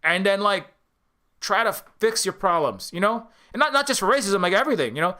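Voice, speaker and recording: High, bright-voiced man rambling on. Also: lively intonation, a little fast. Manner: rambling, with many restarts and swearing; acts out others' lines in quoted voices. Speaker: indie game developer. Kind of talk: casual spoken commentary.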